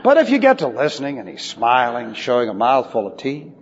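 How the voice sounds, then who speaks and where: A man preaching a sermon, wry and lively, dropping into sly asides. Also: medium pitch, fairly quick, a little hiss or hum. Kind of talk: expository sermon. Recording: dull recording in a large reverberant hall.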